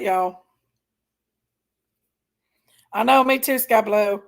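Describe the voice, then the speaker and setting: Drawing out her words in a gravelly, fairly high voice, a woman streaming live pauses often while reacting to videos for her chat. She's exasperated and indignant, constantly saying sorry to the people watching.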